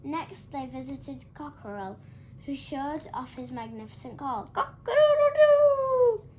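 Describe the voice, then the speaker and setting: Animated woman reading a picture book. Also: sits high, a little slow, background noise. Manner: animated, gives characters lively voices. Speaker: storybook reader. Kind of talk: children's picture book read-aloud.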